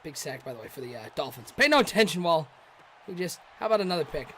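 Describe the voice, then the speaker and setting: A man doing chatty, excitable play-by-play commentary for a live stream, joking with viewers in chat. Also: a little high, fast, husky.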